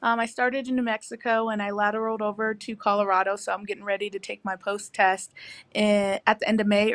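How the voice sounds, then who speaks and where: A young woman, a sheriff's deputy, answering interview questions in a relaxed, chatty way over a video call. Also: mid-range voice, no room sound.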